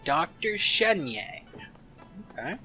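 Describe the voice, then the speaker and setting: Relaxed man narrating his gameplay. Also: high-pitched, slow pace. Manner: relaxed, musing, half to himself. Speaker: video game let's play host. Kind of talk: casual game commentary and reading aloud. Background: game music.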